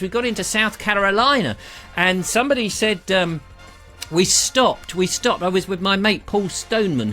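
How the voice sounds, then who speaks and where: A man's voice: fairly high pitch, a bit bright. An English man hosting a live online show from a back room at home, chatting casually and rambling through jokey stories and viewer comments. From England. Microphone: camera.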